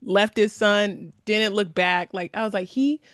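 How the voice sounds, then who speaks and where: A woman co-hosting a podcast, chatting casually and animatedly, laughing often between quick asides. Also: mid-range voice, no room sound, clean studio sound. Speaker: podcast co-host. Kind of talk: casual chat.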